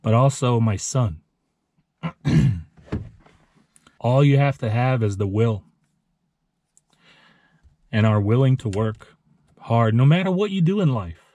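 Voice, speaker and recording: A man in his thirties shares a heartfelt motivational vlog about hard work and passion. He speaks earnestly and emotionally, halting and restarting as he goes. His voice is low and mellow, and the recording is dry with no room sound. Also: expressive, no room sound. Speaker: lawn care business owner and channel host.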